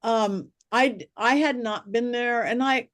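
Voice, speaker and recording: A woman's voice: on the high side, a little slow, no echo, clean studio sound. A woman guest, a psychic medium, telling stories animatedly in a podcast interview and acting out the voices of the people in them. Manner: lively, acts out quoted voices.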